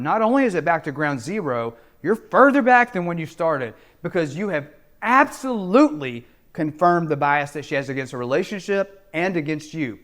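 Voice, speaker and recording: A middle-aged man giving relationship coaching straight to camera, in an emphatic, repetitive, preacherly manner. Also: on the high side. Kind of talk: direct-to-camera advice talk.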